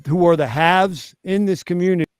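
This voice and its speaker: A man's voice: high voice, fairly quick, clean tone, dry recording, clean studio sound. A man from Philadelphia co-hosting a crypto podcast, making a sarcastic, insistent case. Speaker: crypto show co-host. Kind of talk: heated podcast argument.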